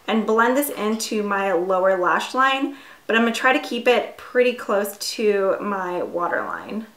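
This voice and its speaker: This beauty vlogger, a woman in her twenties, talks her way through a makeup tutorial in a relaxed, filler-heavy style, often poking fun at herself. Her mid-range voice has lively intonation and a fairly bright tone, and she takes her time. The echoey room carries a little hiss or hum.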